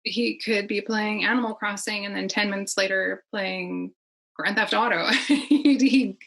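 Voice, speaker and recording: A middle-aged woman talks easily as a podcast guest, rambling from one thought to the next and breaking into laughs. Her voice is husky and a little breathy. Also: mid-range voice, fairly even intonation, a little slow, fairly bright tone, rough recording. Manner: chatty, rambling, laughs often. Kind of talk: casual conversation.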